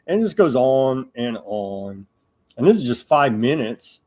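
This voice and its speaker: A man's voice: medium pitch, big pitch swings, measured pace, darkish tone. A man hosting a live political news commentary show, talking in a sarcastic, mocking way with lots of fillers and restarts.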